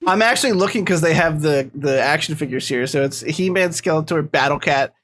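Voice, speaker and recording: A man's voice: on the high side, a little fast, a bit bright. A man co-hosting a casual podcast, rambling and laughing often. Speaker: podcast co-host.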